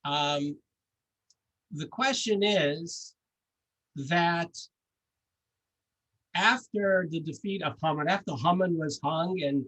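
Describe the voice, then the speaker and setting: Male rabbi, sermon, unhurried delivery, slightly high, crisp bright tone, chatty storytelling. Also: rough recording. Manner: storytelling, conversational with jokes and asides.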